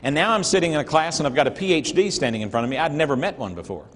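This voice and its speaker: A man's voice: a little high, animated, rapid-fire, big-room sound. A middle-aged man from North Georgia, an earnest, folksy motivational speaker telling a story to a live audience. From North Georgia, USA. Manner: earnest, folksy storyteller with emphatic swings in loudness.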